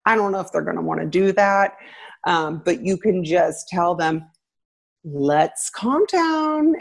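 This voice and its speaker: A woman with a slightly low, husky voice talks through parenting tips like the teacher she once was. She speaks in an easy conversational way and laughs between points. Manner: animated, laughs, acts out quotes with pitch jumps. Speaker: parenting guest expert, former teacher. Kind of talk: conversational advice.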